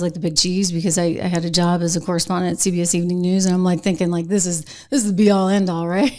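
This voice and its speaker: A middle-aged woman hosting an online commentary show, talking casually to camera, animated and sarcastic, with frequent laughs. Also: mid-range voice. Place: home studio. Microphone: close mic facing a camera.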